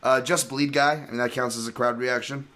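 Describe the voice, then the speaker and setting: A man hosts a casual podcast over a video call, talking with energy and chiming in fast with agreement. His voice has a bright, forceful edge, sitting at an ordinary male pitch. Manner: energetic, quick to react and agree. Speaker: podcast host.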